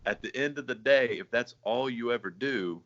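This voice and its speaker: A man hosting a casual interview, friendly and quick to laugh and agree. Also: medium pitch, fairly bright tone. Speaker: host, bass singer. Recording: dull sound.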